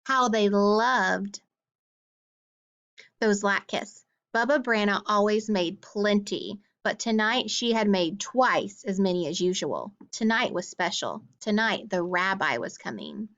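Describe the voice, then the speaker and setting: A woman's voice: medium pitch, animated, takes it slowly, a bit bright, dull audio. Woman reading a picture book aloud. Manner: adds simple explanations for young listeners. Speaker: storyteller.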